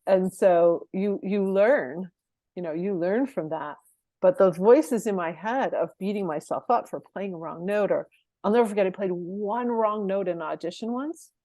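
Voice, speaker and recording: Animated middle-aged woman coach, dry sound. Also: mid-range voice, normal speed, no echo. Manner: animated, laughs often between phrases. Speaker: performance coach, interview guest. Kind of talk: conversational interview storytelling.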